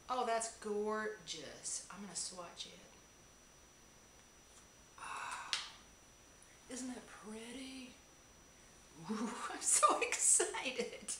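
A woman's voice: medium pitch, very animated, slow pace, pauses often. A woman vlogger gushing over a box of gifts, gasping and exclaiming with delight as she unwraps each item. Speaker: beauty vlogger. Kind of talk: excited unboxing chat. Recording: echoey room with clear background noise.

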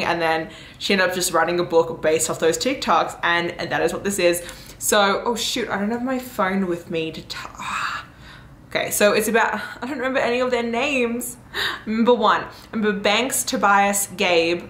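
Chatty young woman in an echoey room. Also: mid-range voice. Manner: chatty and animated, many fillers, laughs often. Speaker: book vlogger. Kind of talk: casual book review vlog.

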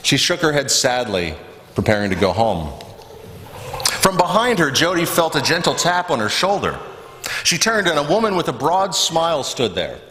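Male preacher, sermon story, animated pitch, long church reverb. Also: normal speed, a little hiss or hum. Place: church sanctuary.

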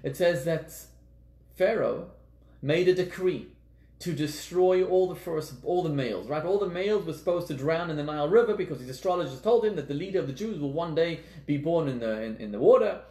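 A man's voice: a little high, expressive, brisk, mellow. A man teaching as a rabbi, giving an earnest lecture and repeating words for emphasis. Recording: echoey room.

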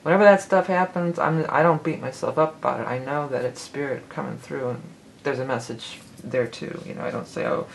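Gravelly woman rambling through a tarot reading. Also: low voice, lively intonation, a little fast, a little hiss or hum, poor audio. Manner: rambling, self-correcting, laughs. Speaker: tarot reader. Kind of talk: casual tarot forecast.

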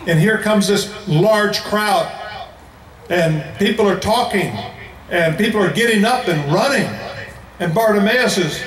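A man with an American accent preaching an emphatic evangelistic sermon to a large crowd, slowing down to stress key phrases. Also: high-pitched, fairly bright tone. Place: large indoor event venue. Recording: echoey hall, voice from far off.

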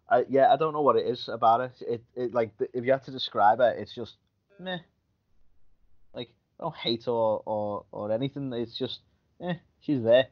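A man's voice: medium pitch, steady tone, moderate pace. Man griping on a podcast. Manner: rambling, griping, chuckling. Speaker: podcast co-host. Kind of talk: casual wrestling chat. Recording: dull lo-fi podcast audio.

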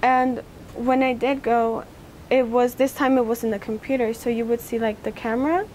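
A teenage girl with a fairly high voice shares a personal memory for an oral history interview, speaking haltingly. Her pitch stays level and even, barely rising or falling, and there's a faint hiss or hum.

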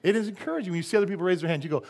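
A man preaching a sermon in church, animated and joking, often asking the congregation for an amen and tossing in silly voices and sound effects. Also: high voice, very fast. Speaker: pastor. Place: church sanctuary.

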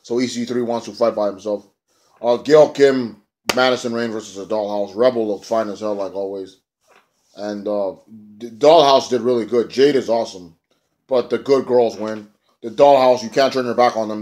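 A man's voice: on the low side, normal speed. Rambling, profane man reviewing wrestling. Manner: rambling, profane, excitable fan talk. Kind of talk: casual spoken show review.

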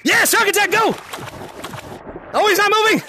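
A man hosting a virtual reality game lobby on a live stream, shouting callouts, repeating himself and laughing often as he plays at home. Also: very high voice, moderate pace, a little hiss or hum. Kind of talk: excited live gameplay commentary. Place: at home playing in VR.

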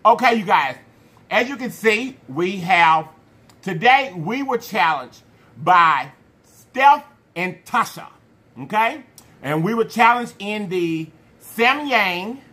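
A man hosting a food challenge vlog, talking to viewers in an animated, playful way with slang and drawn-out hype calls. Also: high voice, breathy edge. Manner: slang-heavy, addresses viewers as y'all. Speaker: mukbang channel host. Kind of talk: casual vlog talk to viewers.

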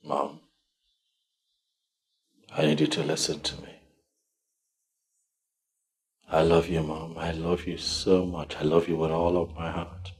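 A man's voice: extremely low pitch, monotone, a little slow, pauses often. An actor with a Nigerian accent playing a pleading young man caught between his lover and his mother, stammering as he talks. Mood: earnest.

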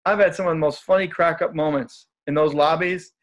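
Guy with a bit of a high voice, upbeat, jokey, telling stories on a podcast. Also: steady tone, a little fast. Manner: upbeat, joking storyteller. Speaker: guest, motivational speaker. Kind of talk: casual storytelling in conversation.

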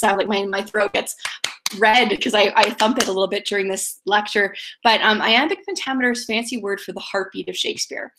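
Woman teacher, recorded video lecture; somewhat high, gravelly voice, casual and rambling. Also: noisy background. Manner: chatty, filler-heavy, taps out rhythms.

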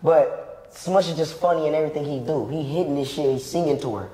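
A man guesting on a casual chat, telling a story in an animated, slangy way and repeating himself. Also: fairly high pitch, fairly quick, distant mic. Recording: echoey room with loud crowd behind.

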